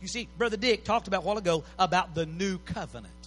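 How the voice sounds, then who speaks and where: A man's voice: sits high, fast talker, fairly bright tone, a little hiss or hum. A man preaching a sermon, impassioned, with repeated pleading phrases.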